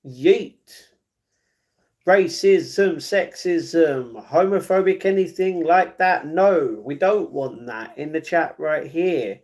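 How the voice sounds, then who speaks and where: A man hosting a casual live stream, reading the chat, chatty and slangy, jumping between excited outbursts and muttered asides. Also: fairly high pitch, slow pace, hardly any pauses. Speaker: livestream host.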